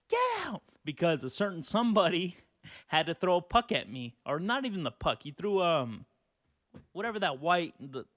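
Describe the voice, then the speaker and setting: A man's voice: a little high, a bit bright, dry recording, studio quality. Rambling, profane young man on a podcast. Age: 20s. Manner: rambling, profane, laughs often. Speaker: podcast host. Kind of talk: casual solo podcast rant.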